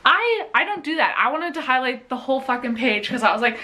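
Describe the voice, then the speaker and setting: Excitable, sweary young woman vlogger. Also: high-pitched, a little fast. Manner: excitable, swears freely, gushing and laughing. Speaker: book vlogger. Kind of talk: casual reading vlog. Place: home bedroom.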